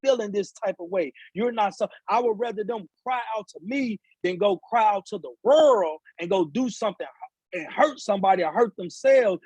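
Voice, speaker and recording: A man with a high, husky voice speaks as a podcast guest. He is an author and speaker and an adult father of seven sons, and his talk is impassioned and repetitive, building to emphatic peaks. The recording is rough but has no echo.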